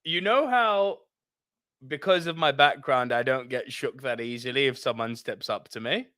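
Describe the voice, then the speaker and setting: With a posh English accent, a podcast co-host tells an anecdote full of swearing and laughter in casual chat. His mid-range voice moves at normal speed and sounds a bit bright, recorded clean in a studio with no room sound.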